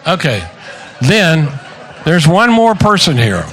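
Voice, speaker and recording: Now sounding higher, with big pitch swings and a somewhat bright tone, the same septuagenarian takes his time through a casual birthday speech. Guests fill the party venue as he swears freely, laughs at his own stories, and jokes into a handheld microphone.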